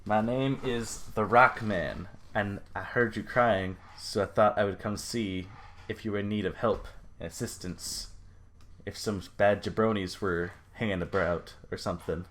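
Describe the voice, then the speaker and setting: A cocky, swaggering hero, as a man plays him with a very deep voice. He talks with wrestler-style bravado. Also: steady tone, measured pace, fairly bright tone, a little hiss or hum. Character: boastful male hero calling himself the Rock Man.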